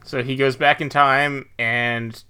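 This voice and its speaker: A man's voice: mid-range voice, level tone, takes it slowly, bright, forceful tone, clear, resonant tone. A man co-hosting a casual movie podcast, joking and laughing often as he talks. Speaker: podcast co-host.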